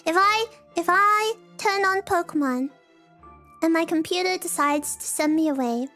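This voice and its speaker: A woman's voice: very high voice, normal speed, sharp tone, soft background music. A woman streamer chatting casually with her viewers, giggling often and turning small mishaps into dramatic, self-mocking bits.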